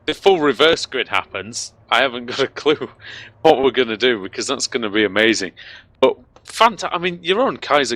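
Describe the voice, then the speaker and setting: A man commentating sim racing, out of breath and gushing with excitement. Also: medium pitch, dry recording. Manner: excitable, gushing, halting restarts. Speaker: race commentator.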